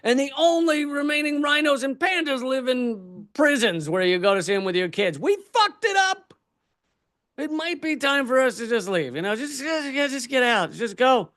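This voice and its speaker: A high-pitched man ranting through a stand-up comedy bit, profane and animated. He swings from fast asides to bursts of shouting. His delivery is full of swearing and exasperation. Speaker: comedian streamer.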